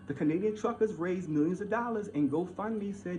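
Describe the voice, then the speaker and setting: A man delivering a heated, repetitive monologue, swinging from loud outbursts to low mutters. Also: lively intonation, a little fast, hardly any pauses, dull audio, faint music behind. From Baltimore. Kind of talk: ranting monologue.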